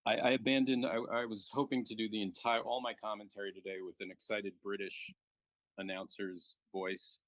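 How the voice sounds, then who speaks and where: Male co-commentator, playful and chatty, gravelly timbre. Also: on the low side, normal speed, fairly bright tone, dry recording. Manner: jokey, chatty. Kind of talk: live game commentary.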